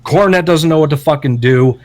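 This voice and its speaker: Animated, profane, higher-voiced podcast storyteller man. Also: fairly quick. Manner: animated, profane, acts out quotes loudly. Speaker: podcast co-host. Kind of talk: casual storytelling podcast chat.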